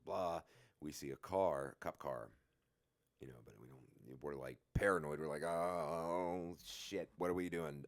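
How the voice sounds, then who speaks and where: A young man with a very low voice tells a rambling, profane story from his own life. He laughs at himself along the way. The sound is dry and close, with no room echo. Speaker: vlogger. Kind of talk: casual storytime.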